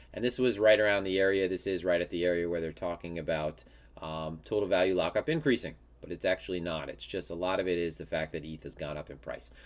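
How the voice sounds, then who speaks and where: A man with a very low, congested voice hosts a live market commentary show. He talks loosely and off the cuff, full of ums and restarted phrases. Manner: casual, many fillers and restarts. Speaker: crypto market show host.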